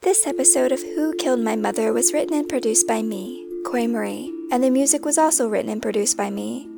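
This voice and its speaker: A woman narrating her own true-crime memoir podcast as host, in a measured, brooding way that weighs one question after another. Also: fairly high pitch, creaky, over music.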